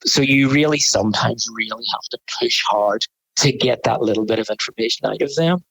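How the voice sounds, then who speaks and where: A Northern Irish man, a photographer guest, chatting casually in a rambling, animated way with frequent restarts. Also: medium pitch, brisk, creaky, breathy edge, no room sound, rough recording. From Northern Ireland. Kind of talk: casual interview chat.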